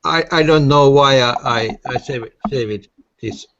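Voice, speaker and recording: A man in a casual online voice chat, talking haltingly and searching for words. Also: mid-range voice, noisy background. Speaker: gun owner in an online voice chat. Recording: muffled voice-chat audio.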